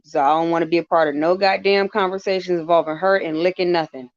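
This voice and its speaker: A man on a casual stream chat, talking in a halting, rambling way with many restarts and wry jokes. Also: a little high, fairly even intonation, no room sound, muffled recording.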